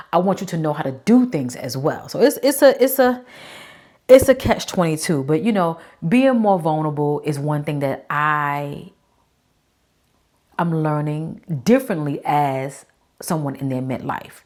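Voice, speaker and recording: Low-voiced chatty woman in her forties. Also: a little mellow. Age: 40s. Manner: chatty, emphatic, talks to listener as "baby". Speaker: podcast host. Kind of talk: casual talk to camera.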